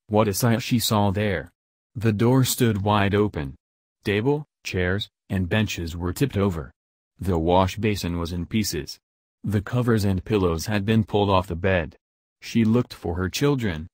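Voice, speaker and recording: Calm low-voiced male storyteller. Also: no echo, studio quality. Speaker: storybook reader. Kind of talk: bedtime story narration.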